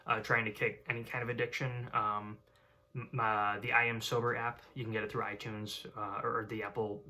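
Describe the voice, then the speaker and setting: A man's voice: fairly low pitch, flat delivery, fairly quick, bright, forceful tone. A young man talking casually to camera in a rambling way, full of fillers and restarts. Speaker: vlogger.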